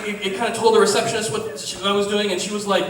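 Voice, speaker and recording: A man telling a funny story before a live theater audience, animated, laughing often and swearing casually. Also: high voice, quick pace. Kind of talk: live comic storytelling on stage. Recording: echoey theater, distant mic, audience reacting.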